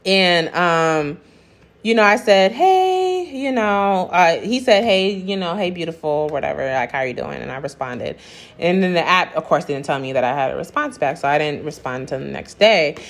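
A woman's voice: lowish voice, expressive, normal speed. A young woman telling a dating-app story to her viewers in a blunt, sassy, profane way, reading out the text messages as she goes. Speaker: vlogger. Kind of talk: casual storytelling rant.

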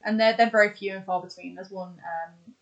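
A woman's voice: mid-range voice, fairly even intonation, a little fast, highs cut off. A woman in casual podcast chat, running through examples with lots of fillers and restarts. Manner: chatty, lists examples with many fillers and restarts. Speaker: podcast co-host.

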